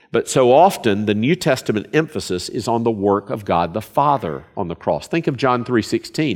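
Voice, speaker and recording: A man preaching a sermon, earnest and emphatic, often repeating phrases for stress. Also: lowish voice.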